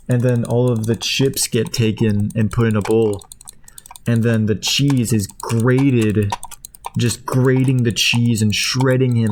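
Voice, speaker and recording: A man rambling through the plot of a movie while clicking away, jumping into high squeaky voices for the characters. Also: steady tone, moderate pace, a little mellow, a little hiss or hum. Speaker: streamer. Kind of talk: casual chat while clicking.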